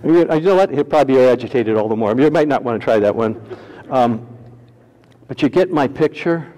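A man preaching a sermon as pastor, folksy and humorous, swinging between loud emphasis and hushed, quiet lines. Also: mid-range voice, lively intonation, fairly quick, in a large hall, poor audio.

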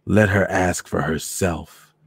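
A man voicing a cruel soldier who hisses slow threats. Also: low voice, fairly even intonation, creaky, husky, no room sound, exaggerated voice. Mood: menacing. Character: cruel menacing male soldier.

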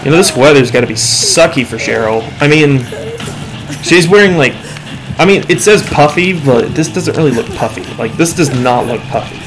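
A teenage boy giving loose, excitable commentary while playing a game, yelling at teammates and mocking himself. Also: mid-range voice, normal speed, rough recording. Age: teens. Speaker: gamer. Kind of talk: let's play commentary. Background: game music.

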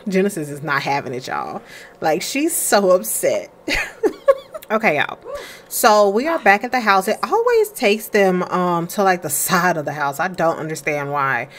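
A young woman casually commenting as she plays a life-simulation game, chatting to viewers and voicing her characters in quick quoted asides. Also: lowish voice, big pitch swings, fairly bright tone. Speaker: gaming creator playing a life-simulation game. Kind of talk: casual let's-play commentary.

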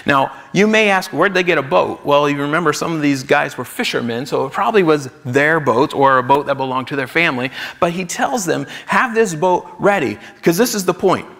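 A man's voice: on the high side, expressive, a little fast, gravelly, hardly any pauses, fairly bright tone, in a large hall. A man preaching a sermon as pastor, in a conversational way, acting out what the crowds might say. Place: church sanctuary.

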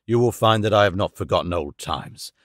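A man reading an audiobook voices a gruff, uneasy old country squire with a guilty secret, speaking low and clipped. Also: animated, a little fast, fairly bright tone, no room sound, studio quality.

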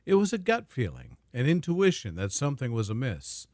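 A man narrating a scripted dramatic story in a smooth, even storytelling manner. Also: medium pitch, brisk, dry recording, clean studio sound.

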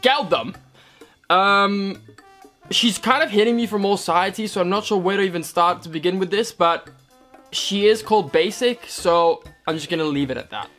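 A man's voice: fairly high pitch, sharp tone. Wry young man with a British-American accent. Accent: mix of British and American. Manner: wry, self-deprecating, lightly sarcastic. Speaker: equestrian vlogger. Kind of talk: casual vlog, reading and answering comments.

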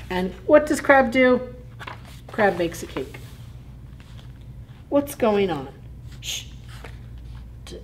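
A woman librarian reading a picture book aloud at children's story time, gently asking listeners questions. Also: mid-range voice, slight background noise. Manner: slow, deliberate reading.

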